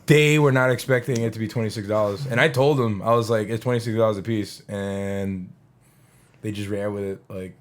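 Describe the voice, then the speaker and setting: A man with a fairly low voice talks in a loose, laid-back way, stringing thoughts together with fillers. He co-hosts a casual podcast chat into a studio microphone. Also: steady tone, a little fast. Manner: laid-back, rambling, lots of "like". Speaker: podcast co-host. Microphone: studio podcast mic.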